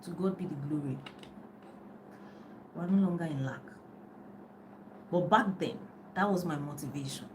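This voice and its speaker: A middle-aged woman coaching her viewers in a live stream, speaking on her phone in a casual, rambling way. Her voice sits on the lower side for a woman, and she often laughs and loses her train of thought. A faint hum of the room is heard behind her. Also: a little slow, long pauses. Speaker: life and business coach. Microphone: phone on a live video.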